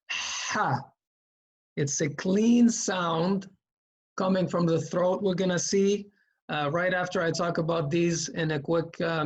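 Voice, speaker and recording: A man teaching Quran reading, explaining each sound patiently and repeating it, with frequent fillers. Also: fairly high pitch. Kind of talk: slow explanatory lesson.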